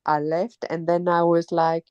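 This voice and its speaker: A middle-aged woman from Mauritius, down with a cold and a sore throat, telling her story in a casual, halting way with many pauses and restarts. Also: lowish voice, flat delivery, a little mellow, clear, resonant tone, dry recording, lo-fi sound. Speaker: interviewee, temple visitor. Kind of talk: casual personal account.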